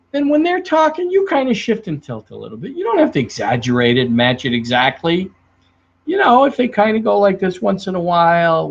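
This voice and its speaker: A middle-aged man who trains salespeople. He talks in a lively way to the camera and acts out his clients as he tells stories. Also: sits high. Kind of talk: speaking to the camera about selling. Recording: dull lo-fi sound.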